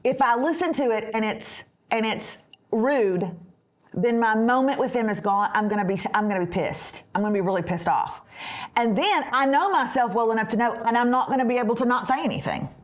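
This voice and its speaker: A woman in her fifties hosting a podcast, telling stories in an animated, chatty way. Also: a little high, brisk. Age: 50s. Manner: animated, chatty, acts out quotes. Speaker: podcast host. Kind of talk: casual storytelling chat.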